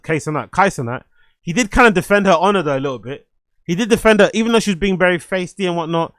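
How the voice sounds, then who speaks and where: A man hosting a live stream, giving casual commentary that is animated, repetitive and full of swearing and laughter. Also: fairly high pitch, no echo. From London. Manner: animated, swears freely, laughs often, repeats phrases. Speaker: streamer host.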